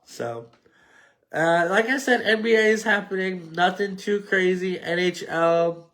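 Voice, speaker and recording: A man's voice: high-pitched, a little slow, a bit bright. A man hosting a solo sports podcast, talking in a rambling, jokey way with a nasal, mumbling voice and many fillers. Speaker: podcast host. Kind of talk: solo sports talk show wrap-up. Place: home setup on a tripod.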